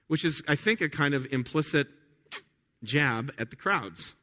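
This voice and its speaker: Preaching at normal speed with a medium, sing-song voice, this man gives a conversational sermon. Rhetorical questions and frequent restarts fill it, and his delivery shifts from hushed asides to forceful declarations.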